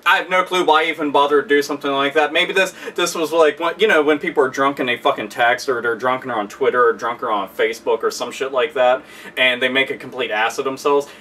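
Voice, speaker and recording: A man's voice: mid-range voice, fast talker, bright, forceful tone, slight background noise. A man hosting a video, ranting angrily with heavy profanity and sarcasm, recorded a bit far from the mic. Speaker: video host. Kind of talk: angry ranting commentary.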